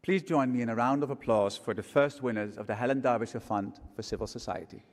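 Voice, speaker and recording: Male conference speaker, mid-pitched, earnest memorial address, reverberant hall sound. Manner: earnest, measured, warm remembrance. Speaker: conference speaker, program chief. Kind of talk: memorial tribute speech on stage. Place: large conference hall stage.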